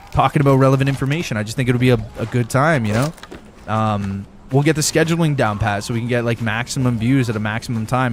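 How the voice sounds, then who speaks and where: A young man with a mid-range voice live streams a game, chatting loosely with viewers, rambling and swearing a lot. There's slight background noise.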